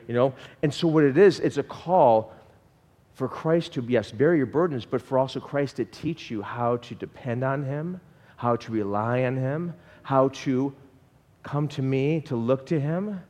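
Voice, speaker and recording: A man preaching a sermon in an animated way and asking the congregation questions. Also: medium pitch, unhurried, long reverb tail. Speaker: pastor.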